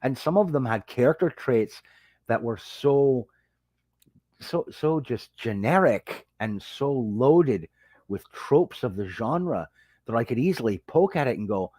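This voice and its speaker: A man hosting a casual livestream, telling a story in a lively way and greeting viewers as they join. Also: measured pace, dry recording. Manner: animated storytelling, jumps high when quoting people. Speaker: livestream host and fantasy author. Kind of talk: casual rambling livestream chat.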